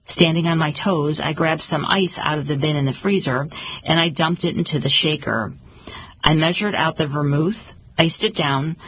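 A woman reading a story aloud as a narrator, in a calm, measured storytelling manner. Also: deep voice, slightly rough, dry recording, rough recording. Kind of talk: audiobook narration.

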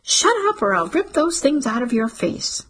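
A woman reading a raspy, furious mother. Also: fairly high pitch, very animated, moderate pace, pitched above the performer's own voice, full character voice. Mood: hissing fury. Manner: sharp, hissing when furious. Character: angry remorseful mother at a restaurant.

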